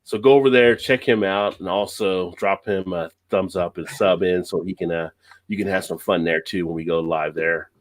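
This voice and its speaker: Male streamer, relaxed banter, natural storyteller. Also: low voice, normal speed. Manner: easygoing, laughs often, tells stories at length. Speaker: livestream host. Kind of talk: casual chat on a live stream.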